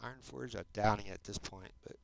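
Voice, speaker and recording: A fifty-something Minecraft streamer from South Jersey chats casually with his audience during gameplay, his accent clear and his speech full of "dude" and "man." He speaks briskly in a lowish voice with vocal fry, and soft music plays in the background.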